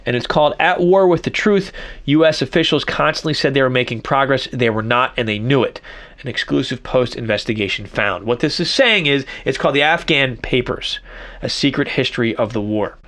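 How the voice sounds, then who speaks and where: A man's voice: medium pitch, brisk, fairly bright tone. A middle-aged man hosting a solo podcast, rambling and self-reflective, with many restarts. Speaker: podcast host. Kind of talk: casual solo podcast monologue.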